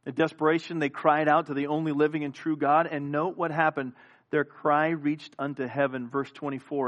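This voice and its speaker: A man preaching a sermon. He swings from quiet, hushed lines to rising, emphatic declarations. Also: on the high side, flat delivery, a little fast, muffled recording. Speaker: pastor.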